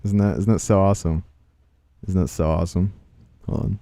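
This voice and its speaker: A man's voice: low-pitched, normal speed, creaky, pauses often, dark tone, dry recording. A young man hosting a casual reaction livestream, joking and exclaiming in slangy, loose talk. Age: young adult. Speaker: livestream host. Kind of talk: casual reaction stream chat.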